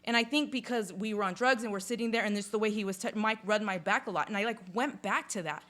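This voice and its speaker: A woman in casual conversation, telling a personal story in a lively, chatty way, with lots of "like" and some swearing. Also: medium pitch, fast talker. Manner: chatty, full of "like", swears freely; lively retelling, acts out sounds and inner voices. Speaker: podcast guest.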